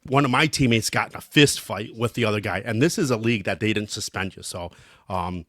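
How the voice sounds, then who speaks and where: A man's voice: on the low side, brisk, a bit bright, dry recording, clean studio sound. A middle-aged man co-hosting a podcast, telling a story in a rambling, casual way with many ums and restarts. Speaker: podcast co-host. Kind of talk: casual chat.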